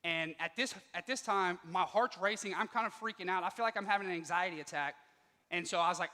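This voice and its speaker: A man giving a motivational speech to students, telling a personal story with lively delivery and acting out the dialogue. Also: high voice, quick pace, in a large hall. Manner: animated, acts out quoted dialogue. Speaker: motivational speaker. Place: school auditorium.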